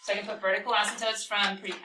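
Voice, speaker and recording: A woman teaching a calculus class, talking through a problem and firing quick questions at her students. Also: medium pitch, flat delivery, recorded from a distance, background noise. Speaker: math teacher.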